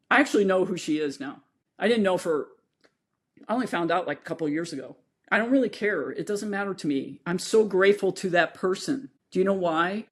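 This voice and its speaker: A woman's voice: on the low side, husky. A woman, an equine veterinarian, telling a story in a podcast interview in a blunt, candid, emphatic way.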